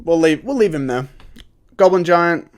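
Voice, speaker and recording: Opinionated young man with a higher voice. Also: expressive, normal speed. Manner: opinionated, exasperated rants with frequent restarts. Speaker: gaming YouTuber. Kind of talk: casual tier-list commentary.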